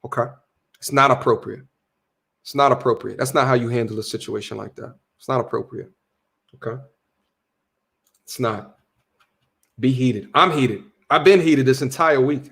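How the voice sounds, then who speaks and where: A young man hosting a casual livestream, reading viewer chat aloud with slangy shout-outs and repeating his points. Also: mid-range voice. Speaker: livestream host.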